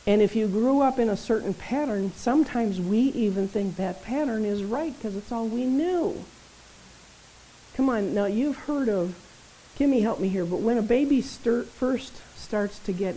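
This is a woman delivering a sermon in a relaxed, conversational style, often turning to her listeners with quick questions. Her voice is mellow and warm rather than bright. A faint hiss runs under the recording. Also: medium pitch, rough recording. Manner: conversational, animated, tag questions. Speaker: preacher.

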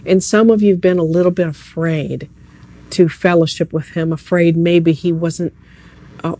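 At an evening service, a preacher gives an earnest sermon in a warm, mellow voice of ordinary middle pitch. He keeps it conversational, addressing the listeners directly.

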